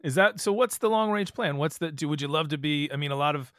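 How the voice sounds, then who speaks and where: A man's voice: on the high side, fast, fairly bright tone, no echo, studio quality. A man hosting a golf podcast, asking stop-start questions in a friendly, affirming way. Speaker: podcast host. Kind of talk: casual podcast interview.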